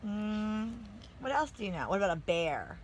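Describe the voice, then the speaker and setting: A mother in a casual home video, asking her small child gentle questions in a sing-song voice. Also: medium pitch, big pitch swings, moderate pace, slight background noise, low-quality recording. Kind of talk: home video chat with a toddler.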